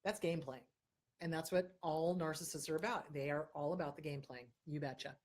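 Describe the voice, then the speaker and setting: A woman's voice: low-pitched, brisk, a little mellow. Blunt, emphatic woman host. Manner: blunt and emphatic, repeats key points. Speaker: host answering viewer questions. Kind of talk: casual advice talk.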